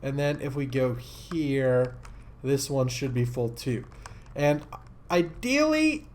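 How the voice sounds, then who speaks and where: A man giving casual gameplay commentary as a let's-play host, rambling and easily excited, with many fillers. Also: mid-range voice, slow pace, a little hiss or hum.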